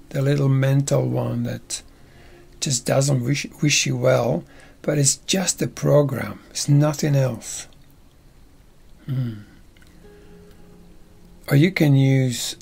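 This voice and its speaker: Slow, gravelly male teacher. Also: mid-range voice, a little mellow. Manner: playful, checks in with tag questions. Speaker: workshop teacher. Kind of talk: casual guided teaching.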